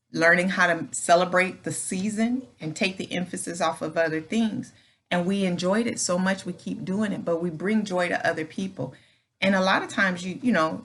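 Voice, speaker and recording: A woman's voice: lowish voice, a bit bright. A middle-aged woman hosting her own channel, giving earnest, encouraging advice in a folksy, casual way and often asking "right?". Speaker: channel host. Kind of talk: casual advice talk to camera.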